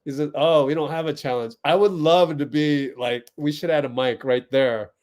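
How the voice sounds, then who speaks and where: A man's voice: fairly high pitch, steady tone, moderate pace, a little mellow. A man hosting a casual livestream watch party, chatting with viewers, laughing often and typing as he talks. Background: keyboard typing.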